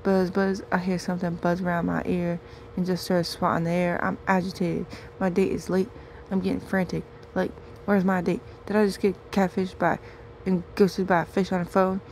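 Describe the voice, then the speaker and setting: Woman storyteller, put-on twang, playful deadpan comic reading, faint hiss behind. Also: fairly low pitch, normal speed.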